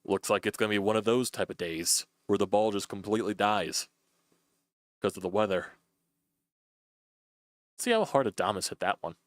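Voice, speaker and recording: A man's voice: fairly low pitch, normal speed, long pauses, dry recording, studio quality. A young man doing loose, chatty play-by-play on a live stream, swearing freely as he calls a baseball game.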